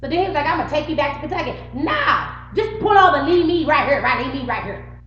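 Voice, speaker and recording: A middle-aged woman vlogger speaks straight to the camera in a high, bright, expressive voice, talking fast as she tells a story, swearing freely and playing both sides of an argument. Faint music sits behind her, and the home recording is roomy and muffled with a faint hum.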